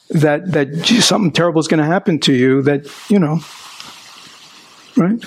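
A man's voice: on the high side, normal speed, long pauses, slightly rough. A man leading a live seminar, coaching an audience member with patient, repeated questions. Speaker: workshop speaker coaching a participant.

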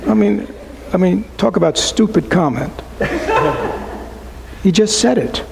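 A man giving a relaxed, conversational dharma talk to a small group as a Buddhist teacher, often asking rhetorical questions and adding "right?". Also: high voice, a little slow, vocal fry, noisy background.

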